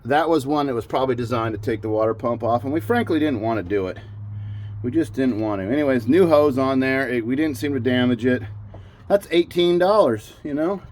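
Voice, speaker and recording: Chatty dad vlogging a car repair out in the yard, jokes about himself, regular middle voice, bit of faint noise. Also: male voice, medium pitch, expressive, fairly quick, a little mellow. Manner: chatty, joking, self-mocking. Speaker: father and host of a backyard mechanic channel. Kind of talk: casual vlog narration while working on a car. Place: outdoors in a backyard garage area, rain starting.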